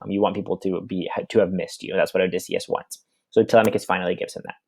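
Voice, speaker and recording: A man's voice: sits low, fairly even intonation, quick pace, a little mellow, no echo. A young man teaching, reading passages aloud and then explaining them in casual words with fillers.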